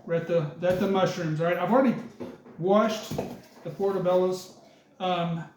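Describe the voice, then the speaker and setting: A man demonstrates cooking in a kitchen, speaking in a high, steady voice at a moderate pace and chatting casually with the "folks" watching as he chops and preps. The recording is echoey with loud clatter and carries a slight hiss or hum.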